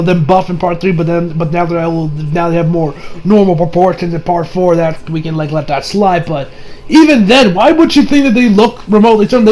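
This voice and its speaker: A man's voice: high-pitched, rough recording. A man casually recapping and commenting on an anime episode, rambling with fillers and incredulous asides. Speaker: anime reviewer.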